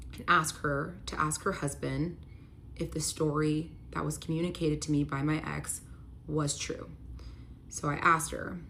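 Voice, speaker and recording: A woman's voice: low-pitched, vocal fry, a bit bright, a little hiss or hum. A young woman telling a personal story to her phone camera, candid and earnest, with a casual "like" running through her talk. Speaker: real estate agent telling her story.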